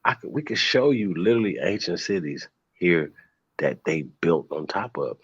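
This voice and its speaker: Deep raspy dude just chatting on a stream, kinda muffled dry audio. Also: male voice, animated, normal speed, dry recording. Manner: laid-back, rambling, restarts. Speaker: host. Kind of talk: casual livestream chat.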